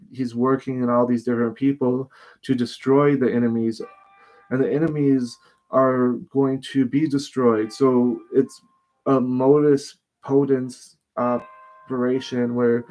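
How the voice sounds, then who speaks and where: Slow guy going on about scripture, loose and rambling, lots of restarts, middle pitch. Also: darkish tone. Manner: rambling, with acted quotes and restarts. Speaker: bible teacher. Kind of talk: informal bible teaching.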